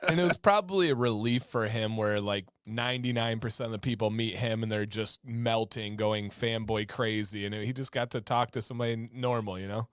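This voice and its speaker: A man's voice: on the low side, brisk, few pauses, clean tone. A man co-hosting a casual livestream who reads out viewer questions, reacts easily and laughs often. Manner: easygoing, laughs often, reacts to the other host. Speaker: co-host reading viewer questions.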